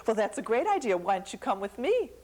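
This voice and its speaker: A woman voicing a scheming, boastful male spider trickster in a told folktale, wheedling and quick to get annoyed. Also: on the high side, sing-song, darkish tone. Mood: sly. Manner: wheedling, then impatient and annoyed.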